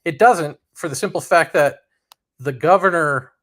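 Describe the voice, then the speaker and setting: A man's voice: fairly high pitch, normal speed, fairly bright tone. A man co-hosting a live podcast, making sardonic, rambling asides about the election. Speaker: podcast co-host. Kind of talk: casual live election chat.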